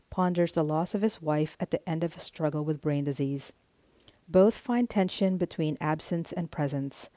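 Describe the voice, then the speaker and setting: A woman reading a scripted podcast introduction in a measured, even way. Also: deep voice, no room sound. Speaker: podcast narrator. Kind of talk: scripted narration.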